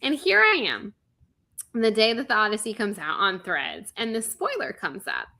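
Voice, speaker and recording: A woman's voice: mid-range voice, very animated, normal speed, gravelly, sharp tone. A woman in her thirties co-hosting a podcast, delivering a comedic, exasperated rant full of sarcasm and swearing. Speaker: podcast co-host.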